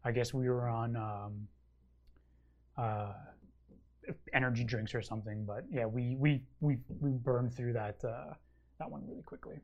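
A man in easy, unscripted conversation, pitching ideas with eager enthusiasm. He rambles through plenty of ums and uhs as he thinks aloud, sitting at a middle pitch for a man. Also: fairly even intonation, unhurried, pauses often. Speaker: regular co-host of a wargaming show. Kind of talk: casual chat answering a listener question.

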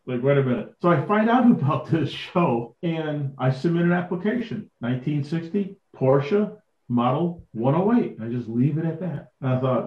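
A middle-aged man, a podcast guest, telling casual stories with lively acted-out dialogue and frequent laughs. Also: fairly high pitch, normal speed. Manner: animated, acts out quoted dialogue, laughs often. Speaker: guest, vintage tractor collector. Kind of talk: casual anecdotal storytelling. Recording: echoey, dull lo-fi audio.

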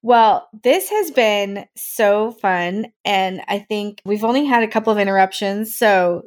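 A woman hosting a podcast, upbeat and encouraging in casual interview chat. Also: mid-range voice. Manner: upbeat, encouraging, quick to laugh. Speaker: podcast host.

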